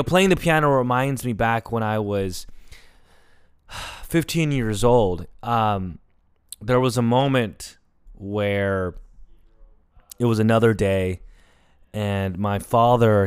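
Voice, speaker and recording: A man's voice: lowish voice, takes it slowly, pauses often, smooth, dry recording, studio quality. A young man hosting a comedy podcast alone, telling a personal story in an emotional, rambling way with lots of fillers. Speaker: podcast host. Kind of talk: confessional solo storytelling.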